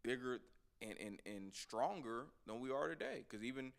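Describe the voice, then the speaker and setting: A man leads a Bible study in a loose, conversational preaching style. His voice has a gravelly rasp, and he leans hard into his emphatic points while addressing the class as y'all. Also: medium pitch, lively intonation, moderate pace. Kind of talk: informal sermon teaching.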